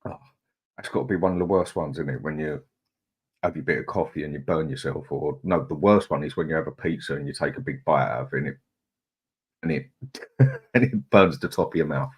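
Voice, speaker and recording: Man, middle-aged, low voice, easygoing livestream host chatting from home. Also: fairly quick, long pauses, slightly rough. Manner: chatty, greets viewers, drowsy and laid-back. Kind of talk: casual live chat.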